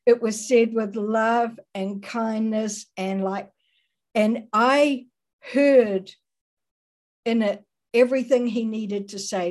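Slow, earnest woman teaching a sermon. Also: fairly high pitch, fairly even intonation, a little mellow. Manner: measured, earnest, builds long lists. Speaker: Christian teacher.

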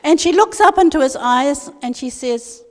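This is an older woman, speaking high in her range. She tells humorous stories with lively, animated delivery. Her voice carries a long reverb, as if filling a large hall. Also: normal speed. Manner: lively, animated anecdote teller. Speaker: guest speaker. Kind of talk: humorous storytelling talk.

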